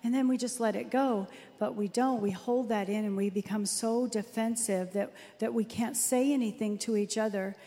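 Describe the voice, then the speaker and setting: A woman's voice: fairly high pitch, steady tone, dark tone, in a large hall. A woman in her fifties co-hosting a faith-based talk, chatty and storytelling. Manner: chatty, storytelling, quick to laugh. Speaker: co-host.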